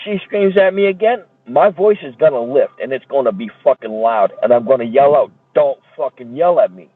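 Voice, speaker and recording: A man's voice: mid-range voice, fairly quick. Guy going off in an angry rant, cussing, repeats himself, sounds like a phone line, no room echo. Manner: heated, profane, repetitive. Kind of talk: angry ranting monologue. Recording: tinny phone-like dry audio.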